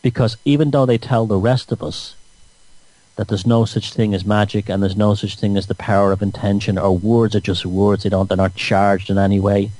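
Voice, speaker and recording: A man's voice: lowish voice, steady tone, normal speed, a little mellow, no room sound, poor audio. A man hosting a radio show, rambling through a mocking, satirical monologue.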